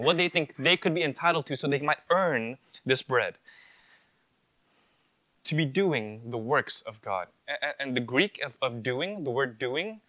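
A man's voice: on the high side, pushed and bright, dry recording. A man preaching an expository sermon, emphatic, often repeating phrases and asking rhetorical questions.

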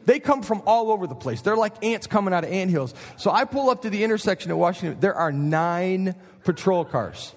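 A middle-aged male preacher with a fairly high voice, telling an animated story from the pulpit and turning often to the congregation with asides. His words ring out with a long chapel reverb. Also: fairly quick. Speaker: pastor. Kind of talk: sermon. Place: college chapel.

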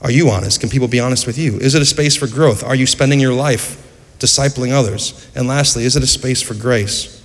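A man's voice: medium pitch, a little fast. A man preaching a sermon in a church, earnest storytelling with rhetorical questions. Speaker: pastor. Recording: echoey church hall.

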